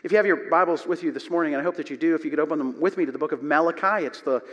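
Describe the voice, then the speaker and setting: A man preaching a sermon from the front of a church, his voice sitting a little high. He tells stories with animated swings between loud and quiet. The sound carries the long reverb of a large hall. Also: racing, lo-fi sound. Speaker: pastor. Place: church sanctuary.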